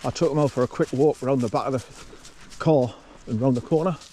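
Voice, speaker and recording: A man's voice: mid-range voice, a little fast, mellow, a little hiss or hum. A man chatting casually to camera while walking his dog outdoors, breaking off to call the dog. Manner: chatty, talks to his dog between remarks. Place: outdoors on a rural walk.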